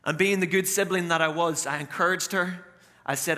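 Bright-voiced Irish pastor in a big hall. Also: male voice, on the high side, moderate pace. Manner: humorous, self-mocking storyteller. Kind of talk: storytelling sermon. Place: large church auditorium. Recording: reverberant auditorium.

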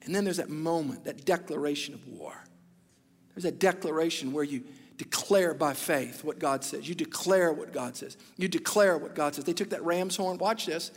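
High-voiced preacher in a reverberant hall. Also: male voice, moderate pace, slightly rough. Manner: fervent, rising to shouts; repeats short declarations. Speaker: pastor. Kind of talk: sermon.

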